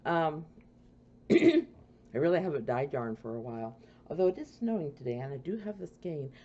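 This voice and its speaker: A woman's voice: low-pitched, lively intonation, normal speed, dull audio. A woman hosting a casual podcast from her home, chatty and rambling, often sidetracked. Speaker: podcast host.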